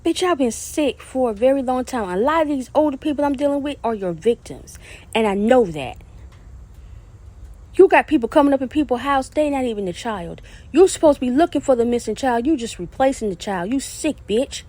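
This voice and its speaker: High-voiced, profane woman ranting. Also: animated, fairly quick, dark tone. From South Carolina. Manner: profane, confrontational, insulting. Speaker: podcast host. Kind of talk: angry solo podcast rant.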